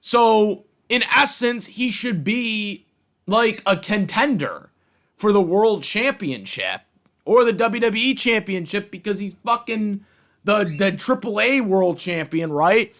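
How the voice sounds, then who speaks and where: A man with a rather high voice delivers a heated, profanity-laced rant. He keeps circling back to the same complaints, stressing each with blunt, repetitive outbursts. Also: expressive, takes it slowly, a bit bright. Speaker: wrestling commentator ranting on his channel. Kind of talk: angry rant.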